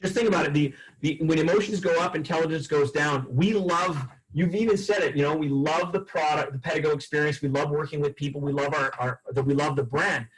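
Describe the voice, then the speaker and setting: A man's voice: a little high, brisk, hardly any pauses, rough recording. A man leading a sales training session, telling customer stories casually and acting out the dialogue. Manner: casual, lively storytelling with acted-out dialogue.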